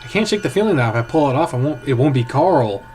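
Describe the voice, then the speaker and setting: A man reading a visual novel aloud in first person, with a hushed, tense, dramatic delivery. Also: medium pitch, expressive, quick pace, faint music behind. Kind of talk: first-person story narration.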